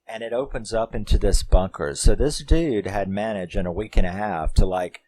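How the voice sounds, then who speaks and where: A man's voice: lowish voice, moderate pace, warm tone. A man reviewing a film in a casual, rambling way, often laughing and using lots of fillers.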